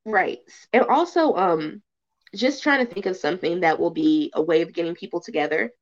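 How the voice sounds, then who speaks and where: A woman in her thirties talking candidly as a podcast guest in casual chat, with relaxed delivery and plenty of fillers. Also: fairly low pitch, normal speed, a crowd in the background. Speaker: podcast guest, event organizer. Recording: dull lo-fi audio.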